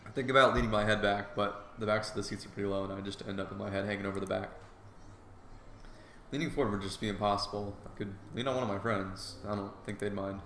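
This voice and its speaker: A man's voice: fairly low pitch, steady tone, fast talker, a little hiss or hum. A man reading a visual novel aloud as he plays, with casual, joking asides. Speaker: game player and narrator. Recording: echoey room, soft guitar music.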